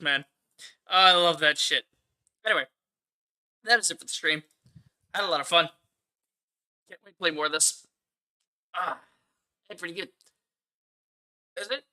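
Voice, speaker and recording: A man's voice: on the high side, moderate pace, long pauses, sharp tone. A man streaming a game and chatting casually, laid-back, laughing and swearing as he reacts. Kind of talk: casual gaming reaction chat.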